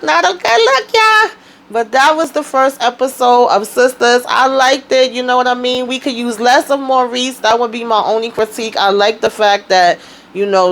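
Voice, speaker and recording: Woman, casual show-recap host, blunt and animated, faint room noise. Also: mid-range voice. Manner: animated, quotes characters in character voices, slangy and blunt.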